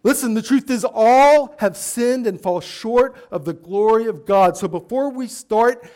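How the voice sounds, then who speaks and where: A man's voice: very high voice, a little slow, a little mellow. A pastor preaching a sermon in church, asking his congregation emphatic rhetorical questions.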